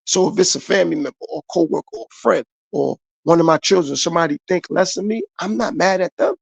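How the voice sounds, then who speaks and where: Gravelly-voiced man preaching self-worth. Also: fairly high pitch, quick pace, no echo, lo-fi sound. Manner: preachy, repetitive, talks straight to viewers. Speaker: podcast host. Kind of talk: motivational monologue.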